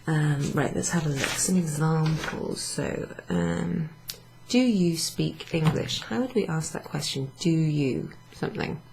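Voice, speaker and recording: A woman's voice: low voice, measured pace, creaky, few pauses, a little mellow, a little hiss or hum, low-quality recording. A tired woman teaching a casual language lesson, explaining patiently while writing examples on a board. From Wales.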